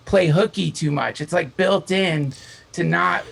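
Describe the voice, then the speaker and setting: Appearing as a guest on a podcast, a man tells a long, animated, profane story in casual conversation, acting out the voices of the people involved. His gravelly voice is on the high side and a little slow, and the recording quality is low.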